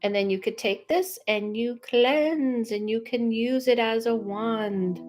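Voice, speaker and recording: Over faint background music, a young adult woman with a higher voice speaks slowly during a live psychic reading. She's chatty and animated in this casual livestream, often cutting herself off mid-sentence.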